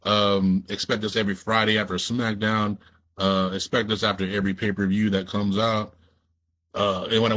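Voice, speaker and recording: A man's voice: lowish voice, fairly bright tone. A man hosting a casual livestream, talking loosely and profanely straight to his viewers. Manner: laid-back, profane, talks straight to viewers. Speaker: livestream host.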